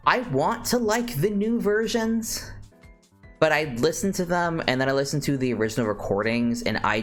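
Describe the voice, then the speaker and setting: A streamer chatting casually about games and music, rambling, often restarting sentences. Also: medium pitch. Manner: rambling, with frequent restarts and side comments. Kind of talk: casual chat.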